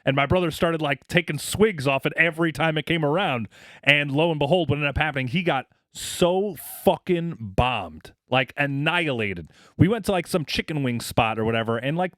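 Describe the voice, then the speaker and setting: A man's voice: on the high side, fairly bright tone, no echo, clean studio sound. A man co-hosting a podcast, telling long stories in a casual, profane, filler-heavy way. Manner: rambling, profane, many fillers like "like" and "you know". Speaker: podcast co-host. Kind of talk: casual storytelling chat.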